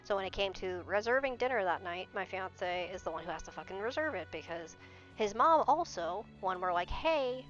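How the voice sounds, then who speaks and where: A woman's voice: medium pitch, lively intonation, moderate pace, fairly bright tone. A young adult woman streamer in casual chat, talking bluntly and swearing freely. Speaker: game streamer. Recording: dull lo-fi stream audio with faint music.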